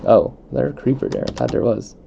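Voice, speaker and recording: Gravelly, rambling young man chatting while gaming. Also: medium pitch, brisk, dark tone, slight background noise. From United States. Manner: rambling, laughs often, many fillers. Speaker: let's play host. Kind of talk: casual chat while gaming. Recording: dull lo-fi microphone.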